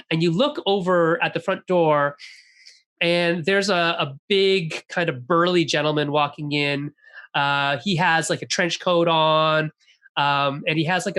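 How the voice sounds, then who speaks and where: A game master narrating a tabletop role-playing session in a casual, halting way with many fillers. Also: medium pitch, steady tone, fairly bright tone.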